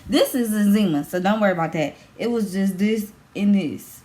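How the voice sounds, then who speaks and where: A young woman telling a storytime vlog in a casual, animated way, repeating herself, swearing and laughing as she goes. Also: mid-range voice, moderate pace, few pauses, echoey room. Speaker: vlogger.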